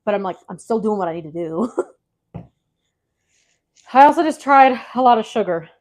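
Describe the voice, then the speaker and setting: A woman's voice: mid-range voice, expressive, moderate pace, darkish tone. A woman vlogging casually from her home kitchen, out of breath and frazzled, chatting to herself as she gathers things. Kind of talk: casual cooking vlog chat.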